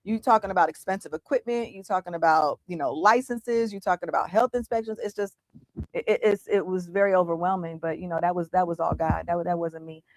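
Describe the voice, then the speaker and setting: A middle-aged woman speaks as a guest in an interview, recounting her journey with vivid, dramatic retellings and frequent false starts. Her voice sits somewhat low for a woman and sounds close and dry, with no room around it. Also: quick pace, no echo. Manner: animated, dramatic retelling with many restarts. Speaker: guest entrepreneur. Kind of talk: candid interview storytelling.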